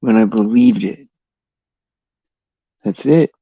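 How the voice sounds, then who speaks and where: A man hosting a casual Christian livestream, talking haltingly with many fillers and repeated words, and leading a prayer. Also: medium pitch, lively intonation, vocal fry, dry recording. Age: adult father of a son over eight. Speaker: livestream host. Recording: dull lo-fi stream mic.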